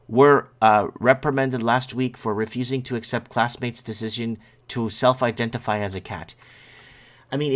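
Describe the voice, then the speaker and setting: A man's voice: medium pitch, a bit bright. Rambling male live-stream host. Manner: rambling, reacts to chat comments. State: yawning, sleepy. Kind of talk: casual live-stream commentary.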